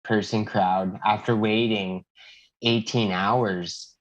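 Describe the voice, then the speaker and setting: A man's voice: lowish voice, fairly even intonation, takes it slowly. A young man co-hosting a podcast in casual chat, laid-back and often adding "you know what I mean". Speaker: podcast co-host. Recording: dull lo-fi podcast audio.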